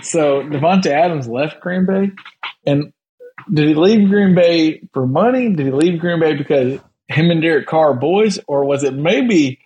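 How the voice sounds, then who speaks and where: A man hosts a casual sports talk podcast. His voice sits a bit high for a man. He moves the talk along in a quick, easygoing way. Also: darkish tone, low-quality recording. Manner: quick, conversational, runs the segment. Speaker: podcast host.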